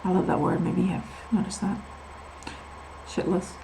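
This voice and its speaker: A woman's voice: lowish voice, flat delivery, fast talker, vocal fry, background noise. A woman telling her own story in a vlog, candid and emphatic, repeating words for stress and drifting onto tangents. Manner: candid and confiding. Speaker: vlogger sharing her medical experience.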